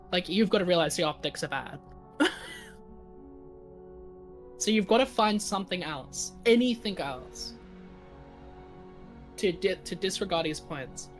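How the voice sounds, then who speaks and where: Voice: medium pitch, fairly bright tone. A guest on a live stream, chatting casually and often repeating the starts of phrases.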